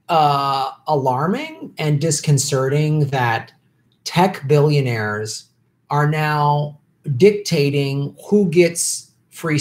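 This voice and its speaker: A man's voice: on the high side, a little mellow. A man hosting a casual live stream, reading viewer questions and answering in an opinionated, heated way with many restarts.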